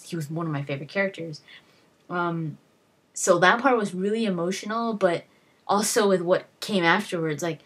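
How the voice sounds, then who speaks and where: A young woman talks through her favorite game moments in a loose, rambling way, full of "like" and restarts. Her voice sits a little low and sounds husky. She jumps into quoting characters as she goes. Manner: rambling, lots of fillers and restarts, acts out quotes. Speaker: gaming vlogger. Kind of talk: casual storytelling.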